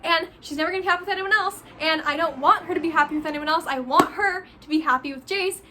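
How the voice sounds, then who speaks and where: A young woman chatting casually about a book she loves, gushing and animated, packing her talk with "like.". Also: very high voice, fast, heavy background noise. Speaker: book vlogger. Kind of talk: casual book review chat.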